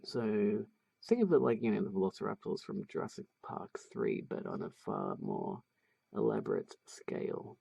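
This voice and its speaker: Male tutorial host, husky and mellow, talks casually and hesitantly while he draws. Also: fairly low pitch, wildly swooping pitch, moderate pace. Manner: thinking aloud, hesitant with many fillers. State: has the hiccups. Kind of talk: casual drawing tutorial voice-over.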